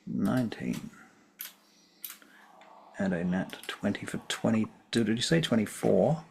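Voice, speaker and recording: Gravelly-voiced man running a game. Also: lowish voice, animated, unhurried, darkish tone, slight background noise. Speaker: game master.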